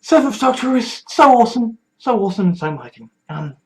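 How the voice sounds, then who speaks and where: A speaker giving a quiet, confessional vlog monologue, halting and repeating words, sometimes close to a whisper. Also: medium pitch, lively intonation, rough recording.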